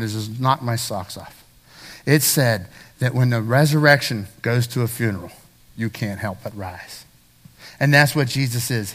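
A middle-aged male pastor preaching a sermon with passion, moving from loud exclamations to hushed asides and talking straight to his congregation. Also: high voice. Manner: conversational preaching with repeated phrases and direct address to the congregation.

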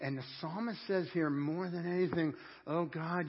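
A man's voice: on the high side, fairly even intonation, moderate pace, breathy edge, lo-fi sound. A man preaching a sermon as pastor, asking the congregation direct questions and often repeating words as he goes. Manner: repeats words and restarts phrases.

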